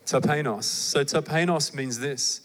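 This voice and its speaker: Man, Australian accent, young adult, casual animated sermon, long reverb from the hall. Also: fairly high pitch, unhurried. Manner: conversational and animated, with asides to the audience. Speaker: preacher.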